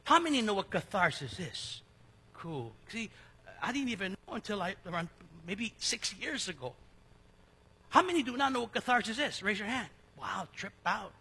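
A middle-aged man preaching a sermon as pastor in a church, talking in a casual, joking way with sudden drops to a hush. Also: sits high, sing-song, moderate pace, breathy edge. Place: church sanctuary. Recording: long hall reverb.

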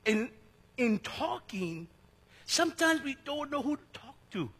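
A middle-aged pastor preaches from the pulpit in a high, bright, slightly husky voice. His sermon style is conversational and jokey, dropping suddenly into a hush. The long reverb of a church sanctuary hangs around every word. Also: sing-song, a little slow.

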